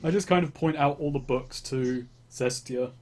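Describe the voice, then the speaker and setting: Husky man cracking wry jokes. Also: a little high, normal speed. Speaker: player. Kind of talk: casual tabletop game play.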